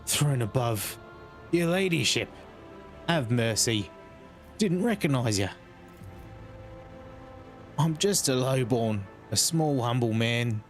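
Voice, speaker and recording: This man, at a medium pitch, gives voice to a humble, sniveling old peasant scout from a game, using a fake rustic accent full of dropped letters. He sounds animated yet takes his time, pausing often, with a fawning manner. Gentle music sits underneath.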